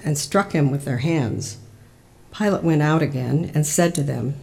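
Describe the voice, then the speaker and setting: A lector giving a liturgical Scripture reading in an even, unhurried narration. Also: medium pitch, vocal fry.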